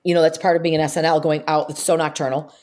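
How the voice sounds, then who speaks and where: Animated older woman, lower voice. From upstate New York. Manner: animated storyteller, rapid asides and fillers. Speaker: guest, comedic actress. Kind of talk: casual interview chat.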